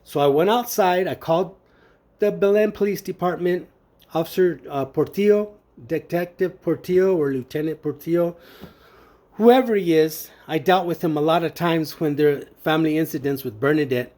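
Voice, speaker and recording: Telling a family story as personal testimony, this man hesitates often, filling gaps with pauses and fillers, and performs the dialogue he repeats. His pitch is a little high, with a darkish tone.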